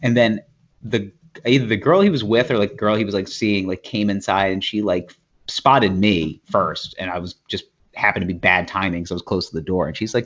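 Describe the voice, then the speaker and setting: Husky, rambling male podcast storyteller. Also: sits low, fairly quick. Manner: rambling, full of "like" and acted-out quotes. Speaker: podcast co-host. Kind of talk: casual storytelling chat. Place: at home. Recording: dull lo-fi home recording.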